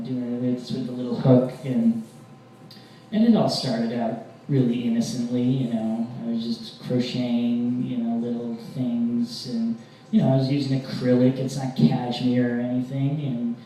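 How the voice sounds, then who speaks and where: A young man doing a stand-up comedy set, telling rambling deadpan stories with mock-angry rants. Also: mid-range voice, moderate pace. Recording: very echoey room, distant mic, faint hiss.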